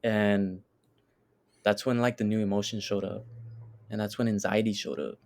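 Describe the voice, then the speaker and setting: A male podcast co-host chats casually, retelling scenes in a loose, rambling way packed with fillers. His voice is on the low side and darkish, with fairly even intonation at a moderate pace.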